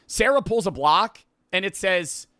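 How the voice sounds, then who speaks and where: Man, casual rambling movie recap, profane storyteller; forceful, crisp, fairly high voice. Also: animated, unhurried, no room sound, studio quality. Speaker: podcast host.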